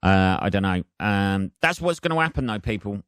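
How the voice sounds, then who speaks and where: A man's voice: on the low side, expressive, moderate pace, a bit bright, smooth, no echo, clean studio sound. A man hosting a solo podcast, rambling and self-mocking with lots of swearing. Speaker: podcast host.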